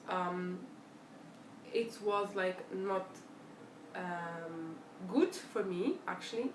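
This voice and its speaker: In an echoey room with faint background noise, a chatty young woman hosts a live stream and answers viewer questions in a casual Q&A. She uses a mid-range voice, telling animated stories and performing the quoted dialogue.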